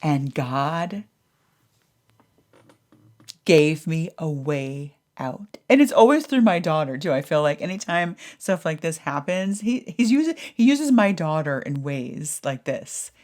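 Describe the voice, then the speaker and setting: A woman hosting a podcast, telling a personal story in an animated, casual way that sometimes includes swearing. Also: low-pitched, takes it slowly. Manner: animated, acts out her own thoughts in a raised voice, swears casually. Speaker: podcast host.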